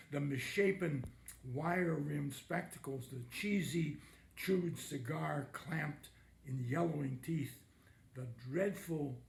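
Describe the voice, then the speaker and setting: A man reading a chapter of his novel aloud in a lively, expressive first-person voice, with halting dramatic pauses. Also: on the high side, vocal fry, echoey room.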